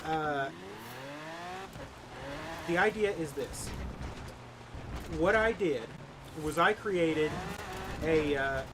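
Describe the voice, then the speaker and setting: In a casual live stream of a racing game, a man jokes and rambles while talking to viewers. His voice is on the high side, very slow, with frequent pauses, against a noisy background.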